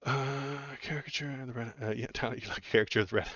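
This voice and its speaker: A man's voice: mid-range voice, steady tone, very fast, a bit bright, dry recording, highs cut off. A man in his forties from Texas hosting a political livestream, giving casual, blunt commentary on chat messages with lots of fillers and restarts.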